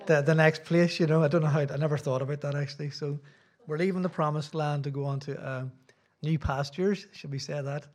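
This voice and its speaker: A man's voice: fairly high pitch, fairly even intonation, fairly quick, hardly any pauses, a little mellow. A middle-aged Irish man, a visiting preacher, giving a sermon in a church with rambling, self-deprecating asides. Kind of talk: sermon with casual chat.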